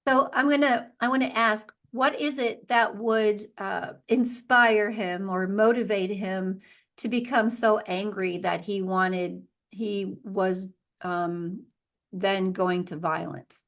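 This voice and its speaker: A woman host puts a question to her guest slowly and haltingly, restarting her phrasing as she goes. Her voice sits at an ordinary middle pitch. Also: fairly even intonation, fairly bright tone. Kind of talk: interview question.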